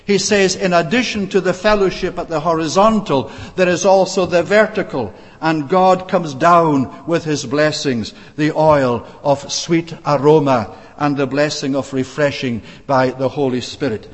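A man preaching a sermon in a measured, deliberate way, with frequent fillers and restarts. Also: fairly high pitch. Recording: long reverb of a church hall.

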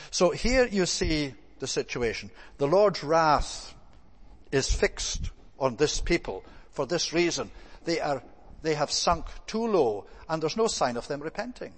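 A man's voice: a little high, sing-song, measured pace. A man preaching an expository sermon, reading scripture aloud in old-fashioned wording and then explaining it plainly. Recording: long reverb of a large hall.

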